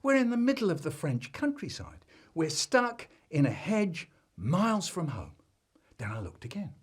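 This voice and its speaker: A man telling a comic family story, swinging between deadpan asides and loud bursts. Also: high-pitched, moderate pace, husky.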